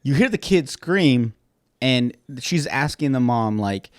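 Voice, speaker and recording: A man's voice: mid-range voice, takes it slowly, no echo, clean studio sound. Rambling, profane man talking casually. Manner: rambling and profane, with many fillers; grows loud and animated when retelling something funny. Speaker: podcast host. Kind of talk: casual chat.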